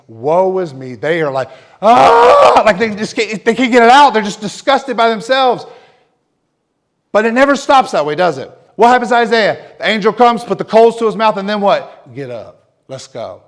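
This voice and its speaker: A man preaching an emotional personal testimony as a pastor, dropping to near whispers and then rising loud and fervent. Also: high-pitched, animated, normal speed. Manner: emotional testimony, swings from hushed to loud, repeats himself. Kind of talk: sermon.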